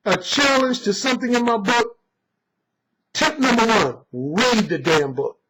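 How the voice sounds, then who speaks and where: High-voiced boastful man ranting. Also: sing-song, normal speed, heavy background noise. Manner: boastful, emphatic, blunt with profanity. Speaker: author and dating coach. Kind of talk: opinionated monologue.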